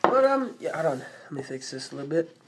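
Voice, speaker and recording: A vlogger rambling casually at home and in the backyard, swearing constantly, with drawn-out fillers, filmed on a handheld camera. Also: medium pitch, very animated, very noisy. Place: home and backyard, walking around.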